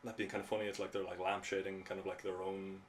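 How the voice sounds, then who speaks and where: A man's voice: sits low, little pitch movement, quick pace, a little hiss or hum. An Irish man co-hosting a podcast, speaking in an easygoing way, agreeing often and leaning on fillers. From Ireland. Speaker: podcast co-host. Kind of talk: casual chat.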